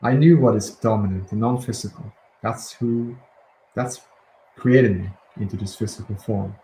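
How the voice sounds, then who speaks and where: A man leading a guided breathing and affirmation session, speaking softly and slowly with calm pauses and restarts. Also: fairly low pitch. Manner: soft, slow and gentle, with calm pauses and restarts. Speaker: guided release teacher. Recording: echoey room with faint ambient noise.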